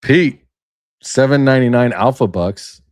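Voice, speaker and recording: A man's voice: mid-range voice, unhurried, darkish tone, dry recording, clean studio sound. Rambling man hosting a livestream. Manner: rambling, emphatic, reads aloud then riffs. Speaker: livestream host. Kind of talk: casual livestream commentary. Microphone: webcam setup.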